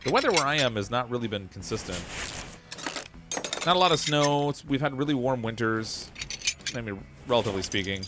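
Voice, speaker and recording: A man casually chatting on a live stream while he plays a game, reading viewer comments and rambling with chuckles. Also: mid-range voice. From Canada. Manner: easygoing, rambling, with frequent "uh" and chuckles. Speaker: livestreamer playing a car repair game. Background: background music.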